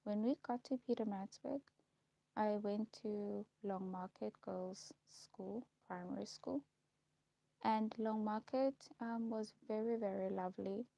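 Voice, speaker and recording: A young woman telling her life story in a casual vlog, repeating herself and pausing with ums as she lists memories. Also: mid-range voice, gravelly, mellow. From South Africa. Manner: repetitive, listing recollections with frequent ums. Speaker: vlogger. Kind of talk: personal storytelling. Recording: dull lo-fi recording.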